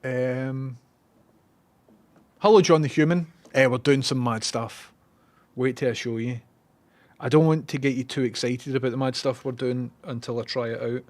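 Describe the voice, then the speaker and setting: A Scottish man chatting casually to viewers on a live stream, excitable and talkative, speaking into a phone mounted on his head at home. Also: medium pitch, normal speed, long pauses.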